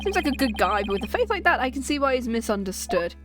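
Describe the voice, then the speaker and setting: A woman reading the lines of an earnest, jumpy young male defense lawyer who asks quick questions. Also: sits high, big pitch swings, a bit bright, soft background music, voice pushed up.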